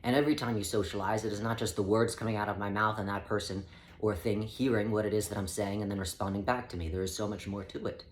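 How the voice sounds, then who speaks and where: Measured male channeler, deep-ish voice, roomy echo and faint hum behind; spiritual guidance read. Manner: measured, calm, speaks as "we" to the listener. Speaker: spiritual channeler speaking as a collective. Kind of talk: spiritual self-help talk. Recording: echoey room with faint ambient noise.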